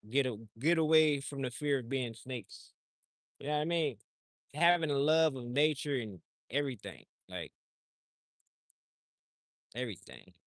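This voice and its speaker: A man's voice: medium pitch, a bit bright, dry recording. Rambling, slangy man with a dry sound. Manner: repeats himself, loose slangy talk. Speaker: livestream host. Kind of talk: casual rambling chat.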